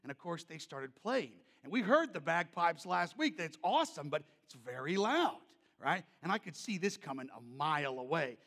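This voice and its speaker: A male pastor telling a story in a sermon, loud and animated, then dropping to soft, gentle tones. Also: fairly high pitch, normal speed, hardly any pauses, big-room sound.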